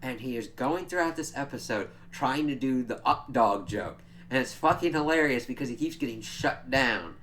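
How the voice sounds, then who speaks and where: A man's voice: medium pitch, expressive, normal speed, fairly bright tone, a little hiss or hum. A man giving a casual, chatty spoiler recap of a TV episode, swearing freely and laughing as he retells scenes. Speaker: show reviewer.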